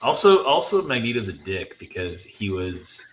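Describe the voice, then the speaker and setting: A man's voice: fairly low pitch, sing-song. A man co-hosting a podcast in casual chat, often chiming in with agreement and jumping in with questions. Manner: chatty, quick to agree, jumps in with questions. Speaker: podcast co-host.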